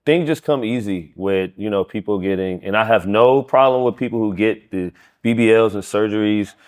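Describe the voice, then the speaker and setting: A man's voice: on the low side, moderate pace, a little mellow, clear, resonant tone. A man co-hosting a casual podcast, talking in an earnest, motivational way. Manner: motivational, earnest, backs up others with yeahs. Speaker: podcast co-host, gym trainer.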